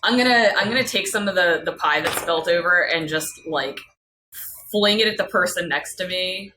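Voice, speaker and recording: Bright-voiced woman playing a tabletop game. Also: on the low side, moderate pace, a little hiss or hum, poor audio. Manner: playful, impulsive, giggly. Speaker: player. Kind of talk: casual tabletop game chat.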